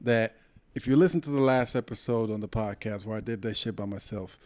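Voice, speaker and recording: A man's voice: fairly low pitch, a little fast, dry recording. Podcast co-host, young man from Puerto Rico, heated storyteller, dry close sound. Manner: heated, animated, profane storytelling. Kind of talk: casual storytelling chat.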